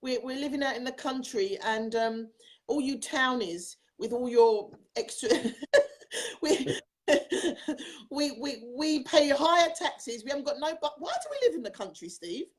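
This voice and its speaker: A chatty, teasing woman with a South London accent hosts a relaxed chat over a video call. Her voice sits high for a woman. She talks freely and jokes with her guest. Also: a little slow. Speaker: host.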